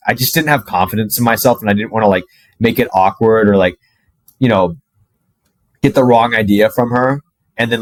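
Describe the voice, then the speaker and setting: A man's voice: fairly low pitch, no room sound, poor audio. Casual young man telling a story. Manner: casual, animated, heavy filler "like", swears. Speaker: dating coach.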